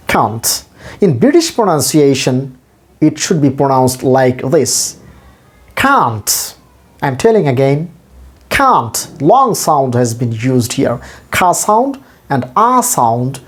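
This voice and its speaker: A man's voice: mid-range voice, darkish tone, breathy edge. A man teaching English pronunciation, spelling out letters and sounds step by step and repeating each word for learners. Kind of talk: pronunciation lesson.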